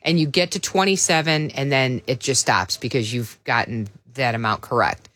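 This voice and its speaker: A woman with a very deep, slightly bright voice hosts a morning radio show, chatting and telling stories in a casual, easygoing way at normal speed and laughing easily. She's recorded on a studio microphone.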